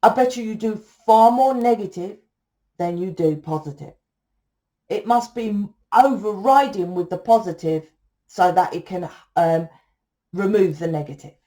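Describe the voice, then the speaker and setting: A woman's voice: medium pitch, a little slow, mellow. A woman, a tarot reader in a casual spiritual monologue, blunt and profane, rambling and tagging sentences with "right?".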